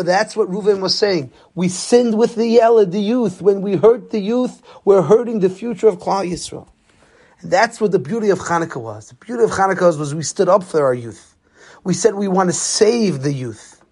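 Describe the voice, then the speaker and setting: A man's voice: sits high, husky. A man giving a sermon as a rabbi, telling stories and using Yiddish and Hebrew terms.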